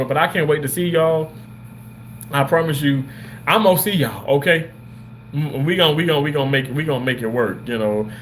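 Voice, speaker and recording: A man's voice: on the high side, a little hiss or hum. A man hosting a casual livestream from a hotel room, reading viewer comments aloud and thanking people over and over in emotional, gushing, religious phrasing.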